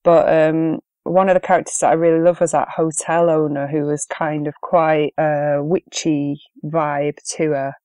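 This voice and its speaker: A woman's voice: deep voice, little pitch movement, moderate pace, few pauses, dark tone, clean tone, no room sound. A woman co-hosting a podcast, chatting about films in an easygoing way with frequent ums. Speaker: podcast co-host. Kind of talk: casual film review chat.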